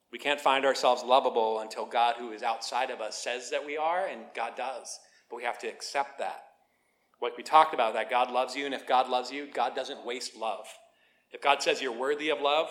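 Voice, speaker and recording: A man preaching a sermon, telling a lively story with playful asides and then teaching in a quieter, earnest way. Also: mid-range voice. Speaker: pastor.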